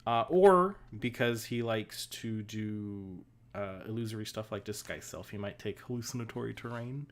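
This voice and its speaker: A woman co-hosting a casual podcast recap, laughing often and filling pauses with ums and mm-hmms. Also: a bass voice. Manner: giggly, many fillers and mm-hmms. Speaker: podcast co-host.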